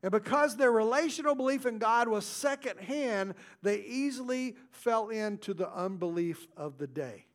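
A man preaching a sermon as pastor, his delivery swinging between loud stresses and hushed, intimate asides. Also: sits high, lively intonation, normal speed, hardly any pauses.

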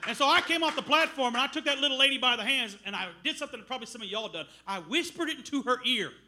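A middle-aged man preaching a sermon as a missionary, telling stories with loud bursts. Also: very high voice, rapid-fire. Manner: animated storytelling with loud bursts.

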